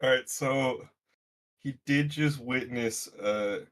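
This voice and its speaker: A man playing a tabletop role-playing game, reasoning wryly through his character's choices out loud. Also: mid-range voice, slow pace. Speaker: player. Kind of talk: casual tabletop game play.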